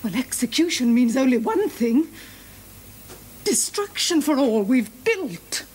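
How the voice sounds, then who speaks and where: An actress playing a scheming Roman noblewoman in a period television drama, speaking in a measured, grave and persuasive way. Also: high voice, big pitch swings, a little mellow, slightly rough, full character voice, poor audio. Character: scheming Roman noblewoman urging her husband toward suicide.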